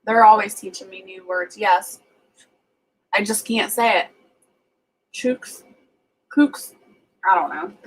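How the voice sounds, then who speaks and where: A woman's voice: medium pitch, fairly even intonation, moderate pace, slightly rough, poor audio. A woman with a Southern US accent, casually chatting on a livestream and reading out viewer comments as she rambles along.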